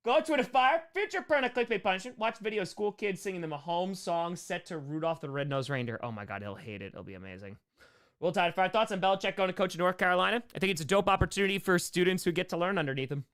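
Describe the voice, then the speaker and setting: A man's voice: sits high, expressive, a bit bright. A young man hosting a casual live-stream Q&A, reading chat questions and rambling through jokes and asides. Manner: joking, rambling, quick asides.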